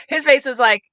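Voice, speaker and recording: A woman tells a story on her podcast in a bright, clear voice. She acts out the people she quotes with sudden high jumps in pitch and laughs easily. The sound is dry and close to the mic. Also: no room sound. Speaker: podcast host telling a story. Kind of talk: casual storytelling monologue.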